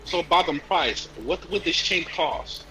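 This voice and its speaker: A man's voice: a little high, animated, a little slow, bright, forceful tone, soft background music, voice pushed up, heavily acted, poor audio. A man voicing a formal, overly polite foreign traveler who speaks in broken, stilted English. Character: formal foreign male traveler, halting speech.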